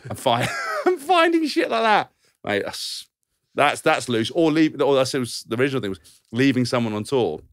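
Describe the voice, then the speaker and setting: A man's voice: medium pitch, sing-song, normal speed, no room sound, clean studio sound. A man in his thirties, a podcast co-host and former rugby player, rambling through tour stories and acting out the voices in them. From England. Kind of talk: casual anecdote telling.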